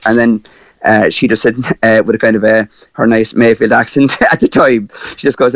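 A man's voice: mid-range voice, fairly quick, no echo. Cork-accented man in his thirties, guest telling a story with feeling, dry muffled recording. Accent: Cork Irish. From Ireland. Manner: animated, laughing storyteller with many fillers. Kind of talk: personal storytelling.

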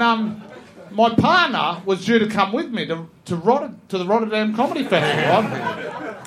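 High-voiced man telling a rambling story. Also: fairly bright tone. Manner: rambling, swearing, laughing between phrases. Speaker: comedian guest. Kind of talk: rambling anecdote on a podcast. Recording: noisy podcast recording.

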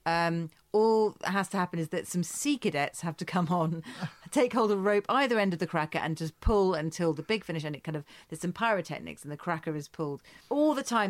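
A woman's voice: lowish voice, no room sound. A woman co-hosting a chat show, telling stories with enthusiasm, laughing often and acting out quotes. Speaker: podcast co-host. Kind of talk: casual chat.

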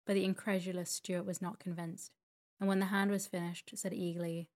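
A woman's voice: on the low side, a little fast. A woman narrating a classic novel as a bedtime sleep story, reading steadily. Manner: steady, even-paced reading.

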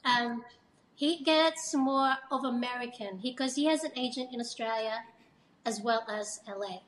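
High-voiced woman in an echoey room. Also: normal speed. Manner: chatty, with restarts and laughs. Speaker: actress and mother of a child actor. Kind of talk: casual podcast chat.

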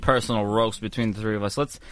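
A man's voice: on the low side, fairly even intonation, fast talker, a bit bright, no echo. A man co-hosting a casual podcast, teasing his friends and steering back to the topic. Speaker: podcast co-host. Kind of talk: casual chat.

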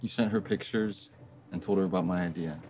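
A man's voice: deep voice, fairly even intonation, brisk, a little mellow, soft background music, close to an everyday voice. An actor playing a young man in a film who defensively turns down help he never asked for. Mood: irritated. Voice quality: defensive, irritated. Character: guarded young man resenting pushy help. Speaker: film character. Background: film score.

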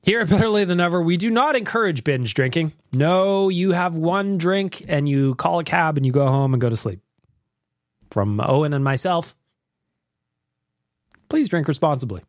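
A man hosting a podcast, reacting to voicemails in a jokey, animated way with mock-serious asides. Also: fairly high pitch, moderate pace, no room sound, clean studio sound. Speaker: podcast host.

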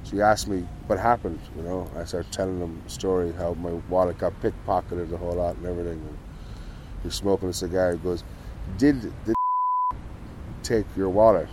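This Irish guest has a deep voice with flat delivery and talks fast against a noisy background. His casual story runs long and rambling, and the profanity is constant, showing up almost every line.

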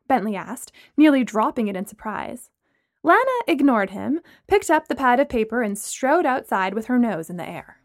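A woman narrating a story in the first person with an expressive, melodic delivery. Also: on the high side, normal speed, no echo, clean studio sound. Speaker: audiobook narrator.

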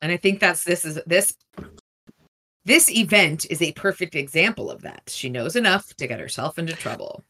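A woman's voice: lowish voice, normal speed. Easygoing woman podcast co-host. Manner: relaxed, laughs easily, agreeable. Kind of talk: casual book-discussion chat.

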